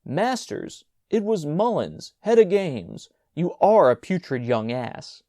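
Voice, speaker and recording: An exasperated older schoolboy in a storybook reading, voiced by a male narrator, scolding loudly with a lively, swinging voice. It is recorded close and dry. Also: on the high side, moderate pace, dry recording. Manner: scolding, urgent.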